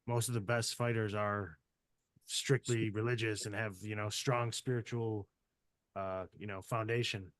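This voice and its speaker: A low, flat-voiced man hosts a podcast with quiet, brief remarks. His voice sounds dry and close, in a casual chat. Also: unhurried, no room sound. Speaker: podcast host.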